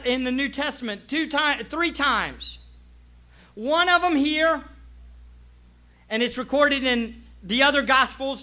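A man preaching a sermon as pastor, emphatic, moving from hushed asides to shouted points. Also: very high-pitched, lo-fi sound.

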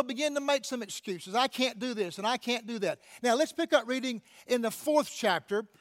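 A pastor preaching a sermon, often calling out to the congregation for an amen, with frequent restarts and repeated words. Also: male voice, very high-pitched. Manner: preaching with call-outs to the congregation.

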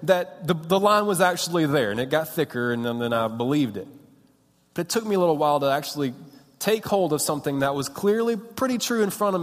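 A man in his thirties preaching a sermon, telling stories in an animated, self-mocking, punchy way. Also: fairly high pitch. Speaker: pastor. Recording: hall with long reverb.

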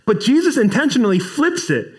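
High-voiced conversational man preaching. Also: very animated, fairly quick, breathy edge. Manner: conversational, retells scripture with acted-out dialogue. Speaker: pastor. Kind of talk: sermon.

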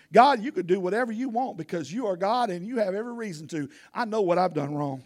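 A man with a high voice preaching a sermon outdoors in the wind. His delivery is folksy and animated, and he uses casual everyday grammar. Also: fast talker, hardly any pauses.

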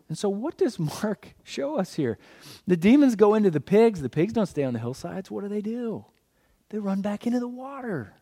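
A man preaching a sermon as a guest pastor. He is animated, asks the audience questions and answers them himself, and jokes in passing. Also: high voice.

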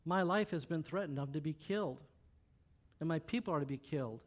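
Gracious young queen, soft and hushed, as a preacher puts her on. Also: a little high, a little fast, voice pushed down, lightly acted. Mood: pleading.

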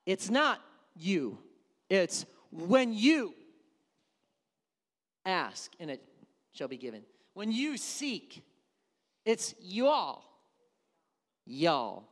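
High-voiced man preaching in a reverberant hall. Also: very animated, drawn-out words, long pauses, fairly bright tone. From Wisconsin. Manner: emphatic, repeats key words for effect. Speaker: pastor. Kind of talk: sermon.

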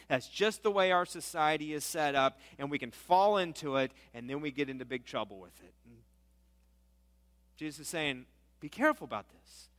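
Guy preaching, high bright voice, talks to the crowd like a chat, big reverby hall. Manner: conversational preaching with rhetorical questions and voiced objections. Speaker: pastor. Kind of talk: sermon.

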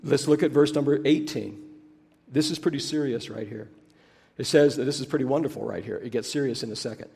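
A pastor preaching a sermon, slowing down to stress key words. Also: male voice, medium pitch, creaky, darkish tone. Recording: preached in a hall with long reverb.

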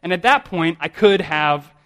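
A man's voice: a little high, expressive, moderate pace, fairly bright tone. A man in his thirties, a pastor preaching a sermon in a conversational, self-deprecating way, often restarting his sentences.

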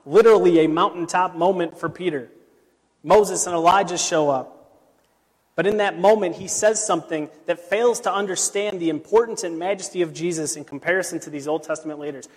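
A man, a pastor, preaching a sermon in a relaxed storytelling way with casual asides. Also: sits high, brisk. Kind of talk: conversational sermon. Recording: long reverb of a large hall.

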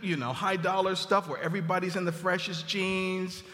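High, bright-voiced preacher in a reverberant sanctuary. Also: male voice, level tone, moderate pace, faint music behind. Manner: conversational preaching, repeats phrases for emphasis; drops to a soft near-murmur on tender lines. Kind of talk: sermon. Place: church sanctuary. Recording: long hall reverb.

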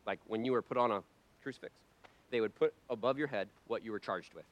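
A man preaching a sermon to his church, impassioned and swinging between hushed lines and loud ones. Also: lowish voice, fast talker. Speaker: pastor.

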